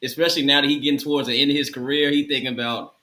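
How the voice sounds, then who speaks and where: Laid-back bright-voiced man co-host. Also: medium pitch, level tone, rapid-fire. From Bay Area, California. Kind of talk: casual sports and celebrity chat. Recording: roomy echo.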